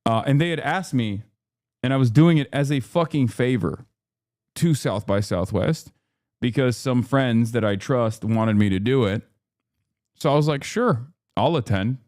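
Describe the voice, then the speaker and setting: A man from the United States talks live to his stream audience in a fast, run-on, frustrated rant, swearing freely and stumbling over restarts. His voice sits at an ordinary male pitch and is recorded close and dry, with no room sound. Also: a little mellow, no room sound. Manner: profane, exasperated ranting; rapid run-on talk with many fillers and restarts.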